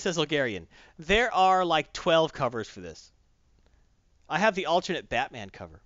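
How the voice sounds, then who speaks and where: Animated high-voiced man recapping comics. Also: moderate pace, no echo, muffled recording. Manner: animated, acts out characters in silly voices. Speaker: podcast host recapping a comic. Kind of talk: casual chat.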